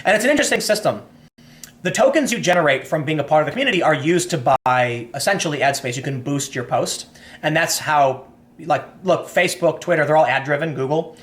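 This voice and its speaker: A young man hosts a casual livestream, reading viewer messages and answering them as he thinks aloud. His voice sits a little high for a man. He restarts sentences often and explains things through made-up scenarios. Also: a little fast, a bit bright.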